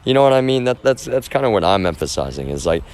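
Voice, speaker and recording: Very deep-voiced man rambling insistently. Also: big pitch swings, quick pace, darkish tone, clean tone. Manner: rambling, with many restarts and repeated phrases; insistent, keeps stressing his point. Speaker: livestreamer. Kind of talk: casual unscripted monologue.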